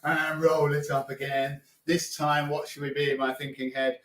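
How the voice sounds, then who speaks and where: A man teaching primary school music, leading children's warm-ups with upbeat, playful, coaxing instructions. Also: fairly high pitch, flat delivery, normal speed. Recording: echoey room.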